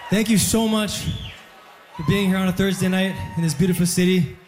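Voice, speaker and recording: A man's voice: high-pitched, fairly even intonation, a little fast, background noise. A man in his thirties, a singer chatting with a live audience between songs, joking at his own expense. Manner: chatty, self-deprecating, laughing at himself. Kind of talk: stage banter between songs. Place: live concert venue. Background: faint guitar.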